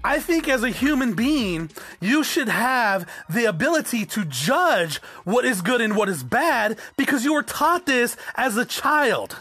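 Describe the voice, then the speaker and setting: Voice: mid-range voice, very animated, measured pace, pushed and bright, soft background music. A podcast host and business owner giving a blunt, profane solo monologue, often checking in with the listener by asking "okay?".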